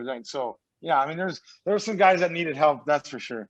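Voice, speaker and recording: Speaking at a quick clip with few pauses, a medium-pitched man who used to play pro hockey rambles through stories on a podcast. He swears a lot and mimics what others said, all captured in dull, lo-fi sound.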